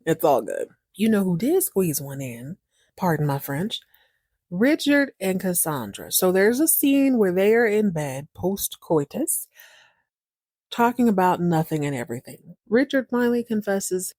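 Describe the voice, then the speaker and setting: A woman's voice: on the low side, sing-song, a little slow, darkish tone, no echo, clean studio sound. A woman hosting a podcast, recapping a show in a chatty, slangy way and laughing often. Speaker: podcast host.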